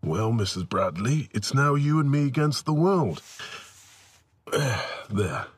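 A man playing a husky-voiced young husband. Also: mid-range voice, sing-song, slow, dry recording, full character voice. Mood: romantic.

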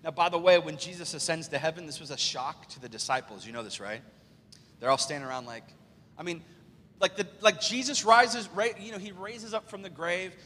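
A man preaching an excitable, animated sermon as pastor in a church sanctuary. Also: on the high side, a little fast, slight background noise. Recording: long church hall reverb.

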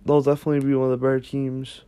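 A man's voice: medium pitch, completely flat delivery, rapid-fire, warm tone, clean tone. A young man, giving casual unscripted commentary in a vlog, rambling and correcting himself as he thinks aloud. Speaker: basketball ranking vlogger.

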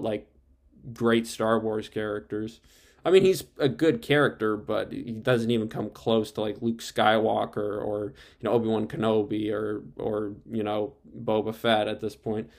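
A man giving a casual, excitable episode recap, swearing freely and rambling with frequent restarts. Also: on the low side. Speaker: show reviewer.

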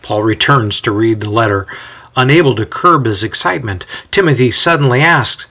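A man giving a measured, scripted story narration. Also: mid-range voice, pushed and bright.

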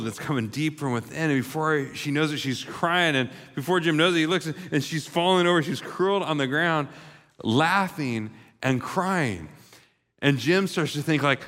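A man's voice: fairly high pitch, fairly bright tone. A man preaching a sermon, telling a story and acting out the voices of its characters. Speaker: pastor. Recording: long reverb of a large hall.

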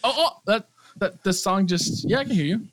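A man's voice: high-pitched, lively intonation, fairly quick, fairly bright tone, dry recording. A man hosting a casual podcast over a voice call, laughing a lot while he takes charge of the tech trouble. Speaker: podcast host. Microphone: computer mic on a voice call.

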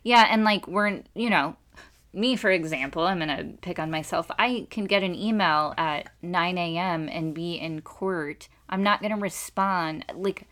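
A woman chatting casually as a podcast co-host, reacting quickly and laughing often. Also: on the low side, fairly bright tone. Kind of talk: casual chat.

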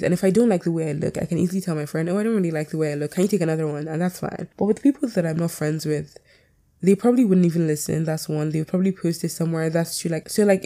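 A woman hosting her own podcast, talking fast in a candid, rambling way and swearing freely. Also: on the low side, vocal fry, warm tone. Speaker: podcast host. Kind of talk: casual solo podcast chat.

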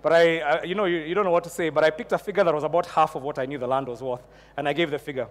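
A man's voice: fairly high pitch, steady tone, very fast, in a large hall. A man preaching a sermon to a church congregation, telling a personal story and building into fervent prayer. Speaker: pastor.

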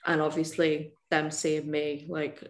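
A woman's voice: low-pitched, monotone, unhurried, roomy sound. A woman from the UK telling her own story as a podcast guest, chatty and full of "like". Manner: chatty, says "like" constantly. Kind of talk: casual storytelling.

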